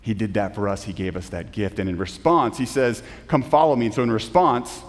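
A man preaching a sermon as pastor, earnest, with emphatic rises and soft, slow drops. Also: fairly low pitch. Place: church sanctuary. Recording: long reverb of a church hall.

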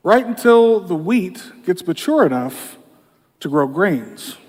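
A man's voice: high voice, big pitch swings, slow pace, darkish tone, husky, big-room sound. A man preaching a sermon in a conversational way, often saying "you know", recorded in a church. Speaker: pastor.

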